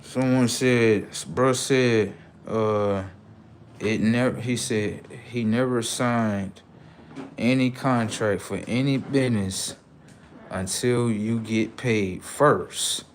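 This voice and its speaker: Young male streamer, casual slangy monologue, big loud spikes and low asides. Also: slow pace, a little hiss or hum. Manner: animated, swings from loud outbursts to quiet asides; slangy, addresses viewers directly. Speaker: livestream host.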